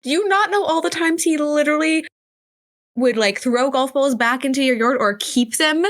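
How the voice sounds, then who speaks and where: A woman's voice: sits high, normal speed. A woman playing a tabletop role-playing game, chatty and teasing, full of "like". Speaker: player. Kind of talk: casual tabletop role-play banter.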